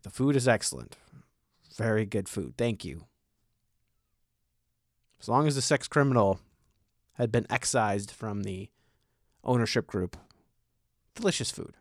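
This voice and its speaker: A man's voice: medium pitch, no room sound, studio quality. A man in his thirties doing a stand-up comedy set, rambling and self-deprecating in a conversational way.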